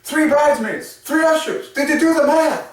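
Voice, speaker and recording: A man's voice: extremely high pitch, moderate pace, far from the mic, voice pushed up. A man voicing an exasperated male wedding usher who keeps asking indignant questions about the numbers. He sounds like he is in an echoey room away from the mic. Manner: outraged questioning, repeats "my brother".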